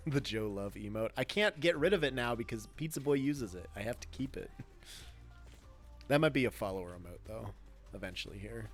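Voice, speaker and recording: A Midwestern American gaming streamer chats casually with viewers mid-game, chuckling, joking and answering chat. His medium-pitched voice is expressive at a moderate pace, with frequent pauses. Soft music plays in the background.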